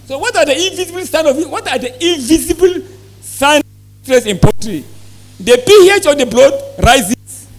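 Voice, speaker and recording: High-voiced man presenting to farmers. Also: lively intonation, moderate pace. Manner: asks the audience questions, repeats key points. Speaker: poultry health presenter. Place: exhibition hall presentation.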